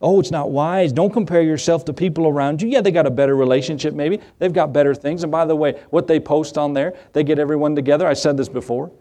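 Talking fast with hardly any pauses, a pastor with a voice on the high side preaches emphatically. He repeats key phrases and asks rhetorical questions, rising in some passages and dropping to quiet asides in others.

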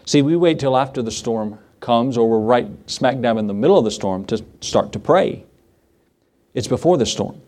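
A man preaching a sermon as pastor, animated, with rhetorical questions and conversational asides. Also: mid-range voice, normal speed. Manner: animated preaching that acts out the quoted voices.

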